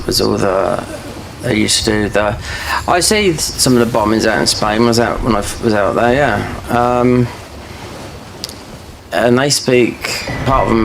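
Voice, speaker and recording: A man with a gravelly, creaky voice chats while he plays a game. He drifts from story to story in loose, filler-heavy speech, with faint background sound behind him. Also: fairly low pitch, background noise. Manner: rambling, full of fillers and restarts. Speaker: gaming streamer. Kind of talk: casual chat while playing a game.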